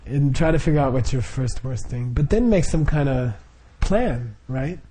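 A man's voice: medium pitch, expressive, normal speed, dark tone, slightly rough. A middle-aged man leading a Buddhist group, explaining the practice informally with frequent chuckles, fillers and restarts.

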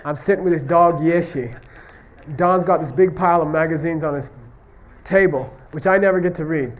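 The speaker, a man teaching Buddhist philosophy, lectures conversationally at normal speed with a fairly high voice. His habit is to tell stories that act out question-and-answer exchanges while repeatedly asking "okay?" and "you see what I mean?"

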